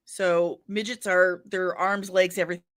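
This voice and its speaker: A woman's voice: lowish voice, flat delivery, moderate pace, dry recording, studio quality. A woman chatting casually and candidly on a livestream, rambling, laughing often and apologizing in asides.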